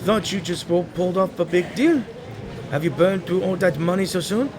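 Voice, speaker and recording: A man voicing a scheming old male pawnbroker in a game story, smooth and wheedling with a faint French flourish. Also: high-pitched, moderate pace, a crowd in the background, voice pushed up, lightly acted. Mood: sly.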